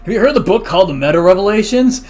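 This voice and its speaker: Young male let's play host; chatty, animated, reads dialogue aloud over faint game music. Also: high-pitched, rapid-fire. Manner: chatty, animated, excitable reactions. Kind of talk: casual game commentary, reading dialogue aloud.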